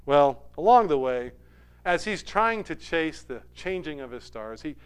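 A man retelling a movie story in an animated sermon style, swinging between loud bursts and hushed asides. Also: on the high side. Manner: animated retelling with sudden soft drops.

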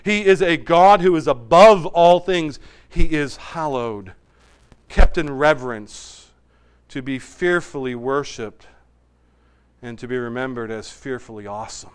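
A man preaching a sermon as pastor, swinging between emphatic raised passages and quiet, hushed asides. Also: mid-range voice, unhurried, clear, resonant tone.

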